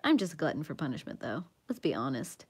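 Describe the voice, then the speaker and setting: A woman's voice: low voice, big pitch swings, fast, breathy edge. A woman hosting a coloring livestream, chatting casually with viewers in a playful, self-mocking way and sometimes dropping to a whisper as she concentrates. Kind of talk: casual chat with live viewers.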